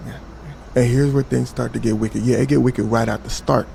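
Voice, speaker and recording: A man telling a comedic story in a slangy, animated way. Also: medium pitch, brisk, creaky, slight background noise.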